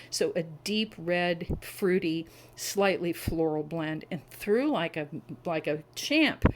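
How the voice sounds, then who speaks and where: A middle-aged woman talks casually to a camera on a tripod at home, her voice sitting a little low. She gushes over details with warm enthusiasm. A faint hum of room ambience lies under her voice. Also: poor audio. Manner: chatty and enthusiastic, savoring scent descriptions. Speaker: wax melt reviewer. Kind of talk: casual product review vlog.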